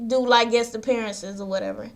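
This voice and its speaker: Chatty high-voiced woman. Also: very animated, a little fast. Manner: chatty, slangy, retells scenes in quoted voices. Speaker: reality TV recapper. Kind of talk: casual episode recap.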